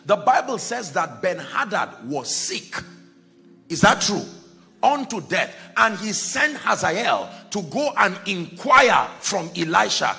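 Man preaching a sermon, gravelly, bright, lively pitch, faint music behind. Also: slow pace. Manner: dramatic preaching, swings from hushed to shouting; acts out Bible characters in quoted dialogue. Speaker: pastor.

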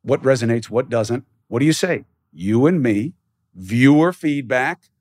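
A man's voice: medium pitch, lively intonation, measured pace, darkish tone, no echo, studio quality. A man hosting a podcast, talking straight to his listeners in short, emphatic bursts and firing rhetorical questions at them. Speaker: podcast host. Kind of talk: direct-to-listener podcast monologue.

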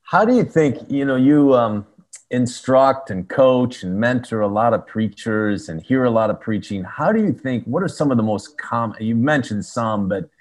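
A man's voice: mid-range voice, animated, normal speed. A man interviewing a guest, probing with questions and thinking aloud as he goes.

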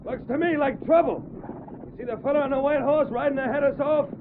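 An actor playing a gruff, combative frontier stagecoach guard with a gravelly drawl in a vintage radio drama. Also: male voice, very high-pitched, fairly even intonation, fast. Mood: wary. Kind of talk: 1940s radio acting. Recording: tinny old radio transcription with hiss.

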